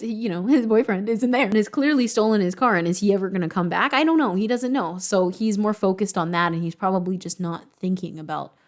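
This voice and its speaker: Chatty young woman breaking down writing. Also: on the high side. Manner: chatty, questioning, lots of "like" and "right?". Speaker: writer and channel host. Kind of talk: casual writing-craft commentary.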